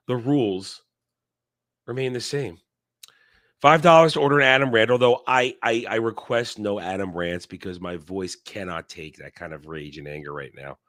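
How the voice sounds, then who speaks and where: A man's voice: deep voice, dry recording, clean studio sound. Sick-sounding man hosting a stream. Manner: rambling, with restarts and coughing. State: sick, strained voice. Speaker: host. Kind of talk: casual live-stream chat.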